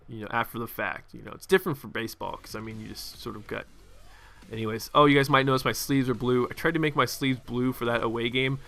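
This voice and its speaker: A man's voice: medium pitch, sharp tone. A young man casually commenting over his football video game, rambling with fillers and restarts. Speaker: gaming commentator.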